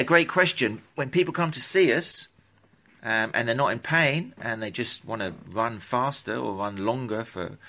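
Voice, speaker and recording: A man's voice: fairly low pitch, sharp tone. A man who runs gait analysis for runners, talking casually on a live stream and answering viewer questions in a rambling, self-interrupting way. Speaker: running gait analysis clinician.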